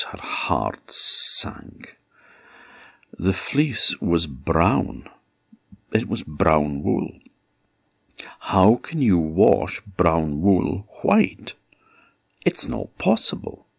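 A male storyteller from the Orkney Islands, telling an old folk tale in a very deep, gravelly voice. He speaks slowly and expressively, repeating words for effect, recorded close and dry. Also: no room sound. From Orkney Islands, Scotland. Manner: unhurried, expressive, with repetition for effect.

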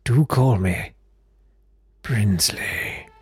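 A man voicing a fussy, flamboyant old male vampire count in a high, genteel voice, in a comic audio story. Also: extremely slow, breathy edge, soft background music, full character voice. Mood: gushing. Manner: genteel, fluting and mannered.

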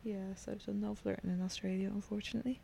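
A woman's voice: medium pitch, level tone, fast talker, gravelly, warm tone, slightly rough. An Irish woman as a podcast guest, chatting casually and trailing off hesitantly. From Ireland. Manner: hesitant, trailing off with "like" and "I don't know". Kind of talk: casual chat.

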